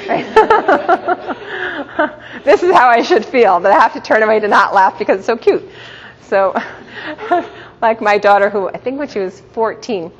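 A middle-aged woman giving a religious teaching talk to a group, telling stories warmly and laughing often. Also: medium pitch, husky. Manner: warm, storytelling, laughs often. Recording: dull sound in a reverberant hall.

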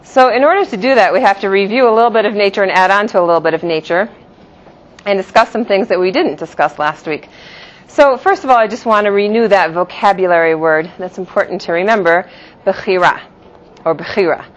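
This woman teaches a Jewish philosophy class, speaking quickly in a mid-range voice. Her lecture is explanatory, repeating terms in two pronunciations, and she laughs lightly now and then. The recording is dull and lo-fi.

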